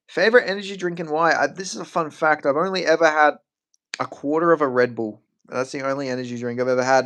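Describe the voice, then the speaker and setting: A man's voice: mid-range voice, a bit bright. A man chatting casually on a stream. He rambles, swears freely and answers questions from chat.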